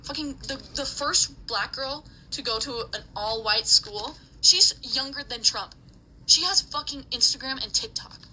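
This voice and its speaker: A woman's voice: high-pitched, unhurried, sharp tone, slight background noise, low-quality recording. Heated, swearing woman ranting. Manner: angry, swearing, emotional. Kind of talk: heated rant to camera.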